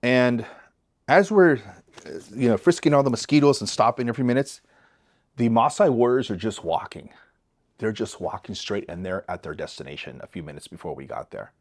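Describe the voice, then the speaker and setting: A man hosting a podcast, affirming his guest and telling an anecdote in halting, casual talk. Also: mid-range voice, lively intonation, darkish tone. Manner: affirming, encouraging, halting restarts. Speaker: podcast host. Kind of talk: casual interview chat.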